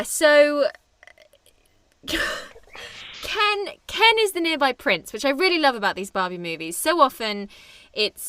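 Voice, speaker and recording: A woman's voice: mid-range voice, pushed and bright, no room sound. A young woman co-hosting a film podcast, chatting casually and enthusiastically, laughing often. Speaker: podcast co-host.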